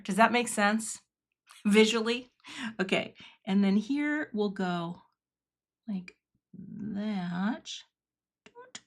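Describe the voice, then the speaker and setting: A woman's voice: fairly high pitch, sharp tone. A woman hosting a live craft stream, chatting and thinking aloud as she works and thanking viewers in the chat. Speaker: craft livestream host.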